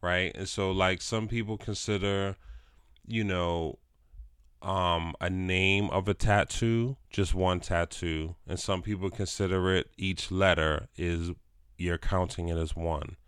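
A man's voice: low voice, fairly even intonation, slow, fairly bright tone, clear, resonant tone, no room sound, studio quality. A man chatting casually on a podcast, rambling with lots of fillers like "like" and "you know". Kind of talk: casual chat.

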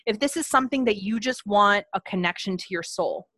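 A woman's voice: medium pitch, expressive, fairly quick, pushed and bright, no room sound. A woman co-hosting a casual conversation about psychic development, candid, laughing often and swearing freely. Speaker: podcast co-host, psychic medium teacher. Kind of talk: casual chat.

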